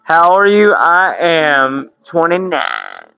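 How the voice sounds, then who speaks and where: A man's voice: on the high side, wildly swooping pitch, slow, vocal fry, clear, resonant tone, no room sound, muffled recording, faint music behind. A man in his thirties hosting a casual livestream from home, swearing and laughing through loose banter. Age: 30s. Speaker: livestream host. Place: home room with window air conditioner.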